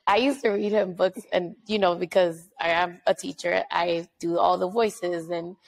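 A woman's voice: fairly low pitch, steady tone, vocal fry, rough recording. A woman hosting a podcast, chatting casually and telling stories about her son. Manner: chatty storyteller, quick asides. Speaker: podcast host. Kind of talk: casual chat.

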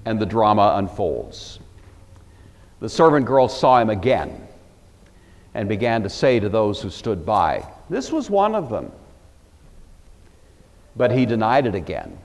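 A man's voice: lowish voice, sing-song, measured pace, long reverb tail. A man from the Pacific Northwest giving a Bible study lecture, emphatic and wry, with conversational asides. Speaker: Bible teacher.

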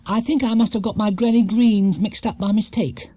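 A man's voice: high voice, fairly even intonation, moderate pace, mellow, breathy edge, no room sound, pitched above the performer's own voice. A man doing a timid, polite little bear. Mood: sheepish. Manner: hesitant, apologetic. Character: polite anxious young bear.

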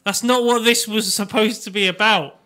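A man's voice: high-pitched, fairly even intonation, moderate pace, sharp tone. A man co-hosting a casual podcast, joking and repeating a running gag. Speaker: podcast co-host. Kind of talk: casual chat.

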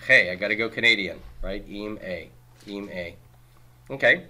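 Low-voiced man quizzing a class. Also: pushed and bright. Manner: questioning, brisk, with dry jokes. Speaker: Hebrew teacher. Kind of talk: classroom homework review.

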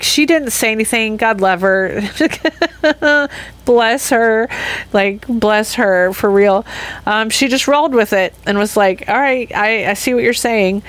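A middle-aged woman hosting a podcast, talking through a personal reflective monologue in a rambling, self-interrupting way with frequent laughs. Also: medium pitch. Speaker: podcast host.

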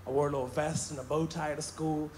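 A stand-up comedian from Kuwait telling a story in an animated way, shouting punchlines and laughing as he goes. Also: fairly high pitch, fast. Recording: roomy with background noise.

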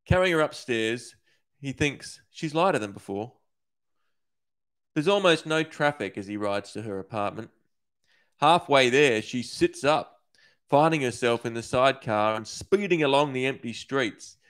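A man from Australia, an author, reading his dark short story aloud in a steady, measured way. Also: mid-range voice, clear, resonant tone.

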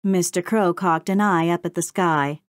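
Woman reading a kids storybook aloud, low-ish voice, steady. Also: normal speed, no echo, studio quality. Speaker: audiobook narrator. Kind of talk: scripted storybook narration.

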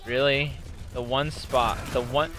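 A man's voice: medium pitch, fairly even intonation, pushed and bright. A young man giving gameplay commentary, cursing constantly and breaking into angry, frustrated outbursts. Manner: profane, quick to rage, frustrated outbursts. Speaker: gaming channel host.

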